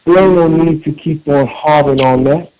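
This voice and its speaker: A man's voice: fairly high pitch, moderate pace, mellow, low-quality recording. A man calling in to a radio talk show, speaking in an earnest, emphatic way with frequent repeated words and restarts. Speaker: caller.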